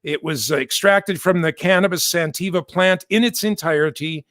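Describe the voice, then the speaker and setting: Talking through the news in a relaxed, digressive style, this American host keeps catching and correcting himself mid-thought. He speaks at a moderate pace in a somewhat high, fairly bright male voice. There's no echo: the sound is close and dry.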